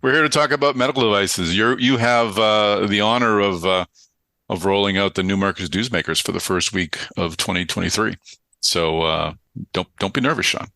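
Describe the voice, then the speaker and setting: A man's voice: on the low side, moderate pace, pushed and bright, dry recording. A man hosting a podcast, talking in a loose, casual way with frequent fillers. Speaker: podcast host.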